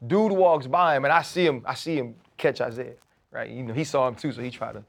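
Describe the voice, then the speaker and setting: A man hosting a podcast, telling a story in a casual, slangy, animated way. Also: mid-range voice, normal speed, gravelly. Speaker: podcast host.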